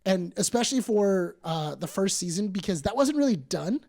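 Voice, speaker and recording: A woman in a relaxed podcast chat with a mid-pitched voice that swings widely as she tells a story. She acts out what people said, jumping high and loud for the excited moments and then dropping back to an easy, conversational tone. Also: moderate pace, vocal fry. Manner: animated storyteller who acts out quotes with big jumps in pitch and volume. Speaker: podcast co-host.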